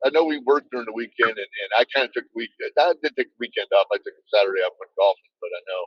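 A man's voice: lowish voice, animated, very fast, slightly rough, no echo. A man chatting casually with a friend on a podcast, easygoing and prone to repeating himself. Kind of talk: casual chat. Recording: dull lo-fi sound.

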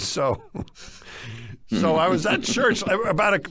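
A man, a former astronaut, telling an anecdote in casual chat and acting out quoted lines with excitement. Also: unhurried, dry recording. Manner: animated, acts out quoted dialogue with rising pitch. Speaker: former astronaut, podcast co-host.

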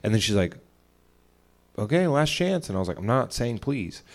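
A man's voice: on the low side, sing-song, normal speed, creaky. A young man co-hosting a podcast, talking casually and rambling, swearing often as he retells a spat at home. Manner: rambling, profane, retells arguments with quoted voices. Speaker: podcast co-host. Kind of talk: casual chat.

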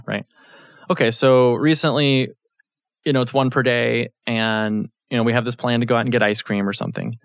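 A man in his thirties talks through a faith lesson in a relaxed, conversational way. He tells stories and keeps checking that listeners are following. His voice sits at an everyday middle pitch, recorded dry and close. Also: no room sound. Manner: conversational, storytelling, frequent check-ins with listeners. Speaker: Bible teacher. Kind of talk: casual teaching talk.

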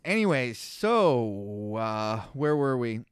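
A man's voice: medium pitch, sing-song, slow pace, smooth, no echo. A young man co-hosting a comedy podcast, telling stories with lots of laughter and reading scripture aloud. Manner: storytelling, laughing often, acting out quotes. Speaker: podcast co-host.

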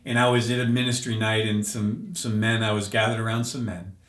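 A man's voice: fairly low pitch, flat delivery, fairly quick, fairly bright tone. Earnest man sharing a testimony. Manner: earnest, emotional storytelling with restarts. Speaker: podcast guest. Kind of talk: personal testimony in an interview. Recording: roomy echo.

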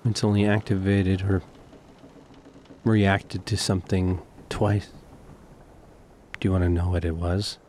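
Man doing a grim young noble, very deep voice, measured, ominous. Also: little pitch movement, darkish tone, a little hiss or hum. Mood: grave.

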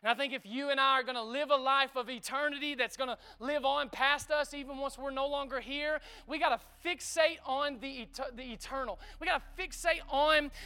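A man preaching a sermon in a lively, conversational way, calling out to the congregation. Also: extremely high pitch, fairly quick, hardly any pauses. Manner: lively preaching with call-and-response asides. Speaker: pastor.

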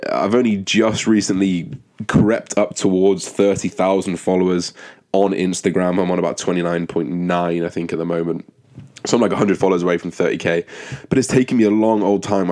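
A young man hosting his own podcast in a casual, rambling and profane way, with lots of ums and restarts and a flat, monotone delivery. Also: sits low. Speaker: podcast host. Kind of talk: casual solo podcast monologue.

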